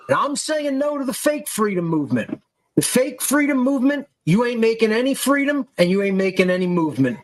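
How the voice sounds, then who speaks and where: A man's voice: high voice, slight background noise, rough recording. A male podcast host giving an angry, aggressive monologue full of profanity and insults.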